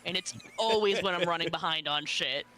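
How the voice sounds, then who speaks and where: A man's voice: sits high, fairly quick, sharp tone. A man playing a tabletop game, chatting bluntly and casually and swearing freely. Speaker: player.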